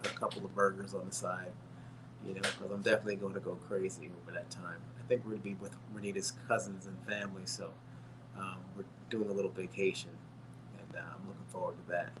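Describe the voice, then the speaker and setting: A man with a fairly low voice chats loosely with his livestream audience and calls them folks. He rambles, restarts his sentences and leans on plenty of ums. A faint hum sits underneath the recording. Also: little pitch movement, fast. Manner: rambling, chatty, many fillers and restarts; friendly, addresses viewers as folks. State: a little winded and tired. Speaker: livestream host. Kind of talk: casual livestream chat.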